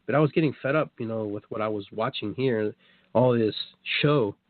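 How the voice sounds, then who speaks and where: A man hosting a show, telling a story in a casual, animated way, acting out what people said and swearing now and then. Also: on the low side, moderate pace, no echo. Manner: animated, acts out quotes, swears. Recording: dry tinny phone-like line.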